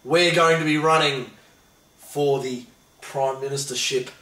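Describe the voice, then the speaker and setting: A young Australian man co-hosting a comedy chat in a mock-formal, deadpan manner. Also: mid-range voice, unhurried. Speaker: co-host. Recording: echoey room, mic at a distance.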